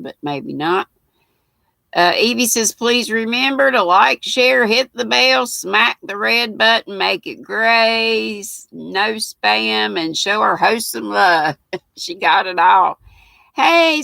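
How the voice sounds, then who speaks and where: A woman's voice: medium pitch, creaky, pushed and bright, no room sound. An older woman hosting a casual livestream, chatting homely and reading out viewers' comments as she greets them by name. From North Carolina, US. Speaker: livestream host.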